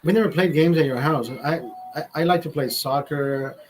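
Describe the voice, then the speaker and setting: A father hosts a show from a studio, telling stories in a loose, profane, rambling chat full of restarts. His voice is fairly high at a moderate pace, and the poor audio carries slight background noise.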